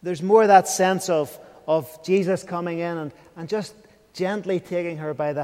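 A man's voice: sits high, fairly even intonation, moderate pace, darkish tone, big-room sound. A man preaching an evening sermon, earnest and questioning, sometimes dropping to a near whisper.

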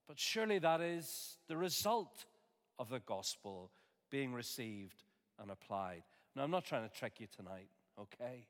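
A man preaching a sermon in an earnest, measured way, with homely asides. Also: medium pitch. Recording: long reverb of a large hall.

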